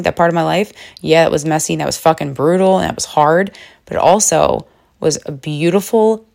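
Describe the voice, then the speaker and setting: Woman host, low and gravelly, earnest and encouraging, casual with some swearing. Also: a little mellow. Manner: earnest, encouraging, casually profane, many restarts. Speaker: podcast host. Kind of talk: casual motivational monologue.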